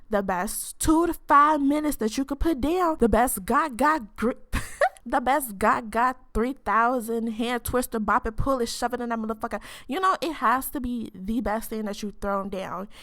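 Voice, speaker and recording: A woman's voice: medium pitch, a bit bright. Brash, profane young woman podcast host. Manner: brash, profane, joking banter. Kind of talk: casual solo podcast chat.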